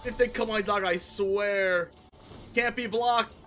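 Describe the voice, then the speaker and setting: A man streaming a card game, reacting with yelps, laughter and shouts as he plays. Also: sits high, expressive, unhurried, faint music behind. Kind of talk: excited gameplay commentary.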